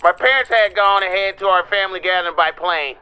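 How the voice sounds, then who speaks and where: A man reading a game's story narration aloud as a sixteen-year-old boy remembering a lone train trip, in a measured storytelling voice. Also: high-pitched, sharp tone, clean tone, rough recording.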